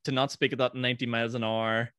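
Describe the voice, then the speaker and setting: Northern Irish male host, quick and chatty, dry close sound. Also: mid-range voice, little pitch movement, a bit bright, smooth, no room sound. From Northern Ireland. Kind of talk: casual conversation.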